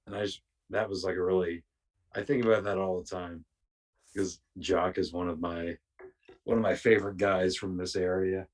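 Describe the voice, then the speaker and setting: Husky low-voiced man telling stories. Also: fairly even intonation, normal speed, recorded from a distance. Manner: rambling, profane anecdotes with many restarts. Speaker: podcast guest. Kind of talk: casual storytelling.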